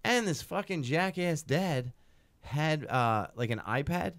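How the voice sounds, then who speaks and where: A man co-hosting a podcast, telling a story in casual, profane chat that swings from loud outbursts to low asides. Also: animated, takes it slowly, no room sound. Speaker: podcast co-host. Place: podcast studio.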